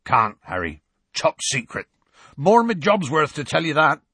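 A man voicing a huge, gruff male half-giant groundskeeper who grumbles and turns defensive, with rustic grammar. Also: a little high, very animated, measured pace, pushed and bright, no room sound, voice pushed up, exaggerated voice. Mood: grumbling.

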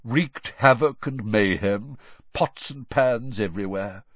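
A man's voice: medium pitch, takes it slowly, no echo, lo-fi sound. A man voicing a fussy, gossipy old male ghost in a storybook reading, in a genteel manner.

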